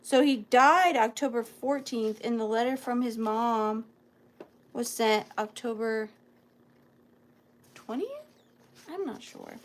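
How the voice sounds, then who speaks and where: A woman from the US South speaks slowly, with long pauses, in a slightly high voice. She resells antiques and is hosting a live sale, reading old letters aloud while near tears, marvelling and apologizing as she goes.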